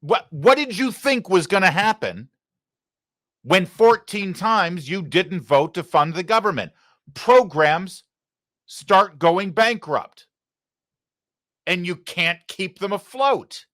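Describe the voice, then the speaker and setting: A man's voice: sits high, lively intonation, takes it slowly, fairly bright tone, no room sound, studio quality. A male talk show host from Michigan, delivering a heated, mocking rant as opinion commentary.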